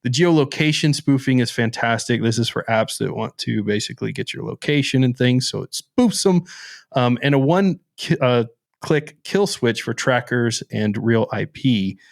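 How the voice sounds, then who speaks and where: A man co-hosting a casual tech podcast, playful and excitable, joking one moment and explaining features at length the next. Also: mid-range voice, moderate pace, creaky. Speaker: podcast co-host.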